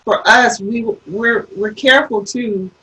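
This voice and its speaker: A woman's voice: on the high side, unhurried, sharp tone. A mother talking in an earnest, reassuring way in a casual panel chat. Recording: voice a bit distant from the mic.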